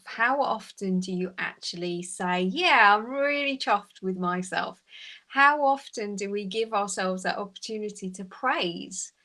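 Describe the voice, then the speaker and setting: A woman's voice: mid-range voice, fairly bright tone. A middle-aged English woman from the UK hosts a casual live chat, speaking in a chatty, encouraging way and putting questions to her viewers.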